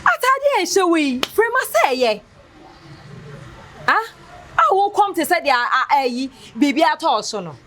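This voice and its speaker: A woman's voice: sits high, sing-song, measured pace, long pauses, a bit bright, slight background noise, exaggerated voice. An actress with a Ghanaian accent playing a woman who scolds and questions a younger woman in a film drama. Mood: scolding.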